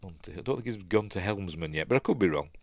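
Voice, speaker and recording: A man's voice: low voice, animated, brisk, creaky, no room sound. A man with a Yorkshire accent, casually rambling through live commentary, with lots of fillers and self-corrections. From Yorkshire, England. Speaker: host.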